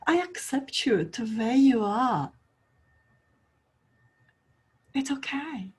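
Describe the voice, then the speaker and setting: A woman voicing a gentle, breathy Little Red Riding Hood. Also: medium pitch, animated, moderate pace. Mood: soothing. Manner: gentle, soothing, sometimes whispered. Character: calm, kind little girl in a red hood.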